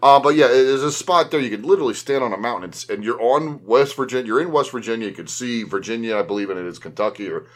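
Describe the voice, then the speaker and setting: A man's voice: medium pitch, fast talker, hardly any pauses. A man hosting a casual podcast, rambling and laughing with lots of restarts. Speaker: podcast host. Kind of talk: casual chat.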